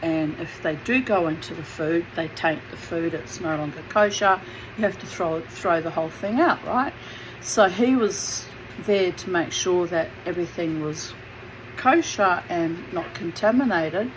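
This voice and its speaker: A woman's voice: fairly low pitch, unhurried, poor audio. Aussie lady rambling thru a family story, lots of um and you know, faint background hiss. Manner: chatty, digressive, lots of fillers. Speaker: memoir narrator. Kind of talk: casual storytelling.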